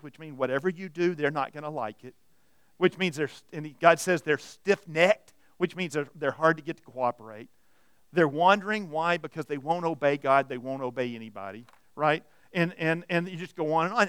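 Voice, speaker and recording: A man preaching a sermon, animated and repetitive, acting out the voices he quotes. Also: on the high side, smooth, no echo. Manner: animated, repeats words, acts out quoted voices. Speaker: pastor.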